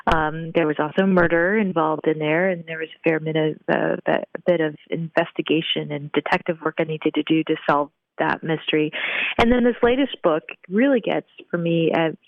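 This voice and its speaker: A woman guest on a radio interview who explains her ideas in a thoughtful, measured way with frequent fillers. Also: sits low, steady tone, creaky, dry recording. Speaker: guest, professor. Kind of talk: phone interview, explaining at length. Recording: dry tinny phone line.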